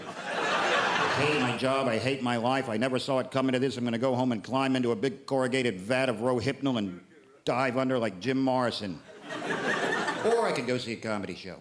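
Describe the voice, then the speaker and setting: A middle-aged American man doing stand-up comedy with sardonic, deadpan put-downs and sudden shouted bursts. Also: mid-range voice, a little fast. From United States. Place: theatre stage before a laughing audience. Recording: echoey live venue, loud audience noise.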